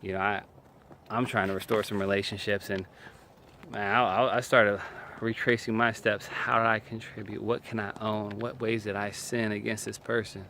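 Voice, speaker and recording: A man's voice: on the low side, flat delivery, normal speed, pushed and bright, slight background noise. A man giving an earnest, emphatic talk from personal experience. He repeats short phrases and keeps saying "man". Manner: speaks from personal experience, faith-based. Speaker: video speaker on relationships.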